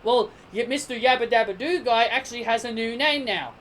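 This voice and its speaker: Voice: medium pitch, brisk, a little hiss or hum. A wrestling show reviewer talking casually, who keeps correcting themselves and builds into emphatic rants. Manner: animated, gets heated and emphatic in rants; self-correcting, sidetracked chatter.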